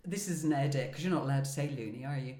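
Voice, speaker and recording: A woman's voice: a bass voice, rapid-fire, mellow. A woman in her sixties, a former broadcaster and podcast co-host, telling self-deprecating anecdotes with frequent laughter. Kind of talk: casual chat, anecdotes. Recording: roomy echo.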